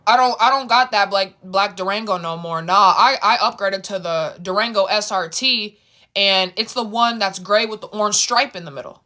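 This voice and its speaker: A woman voicing a quiet, easygoing young man with a deep voice, in a spoken storytime. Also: normal speed, close to an everyday voice. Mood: laid-back. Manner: easygoing, few words. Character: laid-back young man, big quiet teddy bear.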